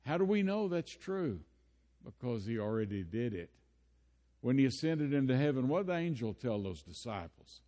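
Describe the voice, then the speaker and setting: A man's voice: medium pitch, big pitch swings, normal speed, mellow. An older man preaching a sermon, telling folksy personal stories and building into impassioned preaching. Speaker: pastor. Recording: long hall reverb.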